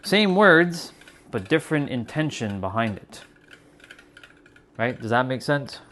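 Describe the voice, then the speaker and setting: In an unhurried, sing-song way, a man with a mid-range, slightly bright voice talks to his livestream chat from his home kitchen. He reflects casually on spiritual ideas while cooking, his speech dotted with fillers and false starts.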